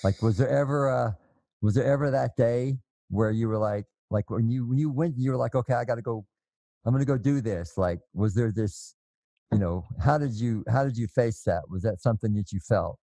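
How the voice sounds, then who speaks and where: A man's voice: medium pitch, normal speed, vocal fry, dark tone, no room sound. Male host, chatty and rambling, dry close recording. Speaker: interview host. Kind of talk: casual interview questions.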